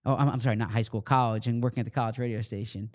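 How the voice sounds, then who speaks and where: A man's voice: mid-range voice, fairly even intonation, rapid-fire, darkish tone. A man with a slight Philadelphia accent co-hosting a sports podcast, talking casually and explaining things with frequent restarts. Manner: conversational, explains with repeats and restarts. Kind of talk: casual chat.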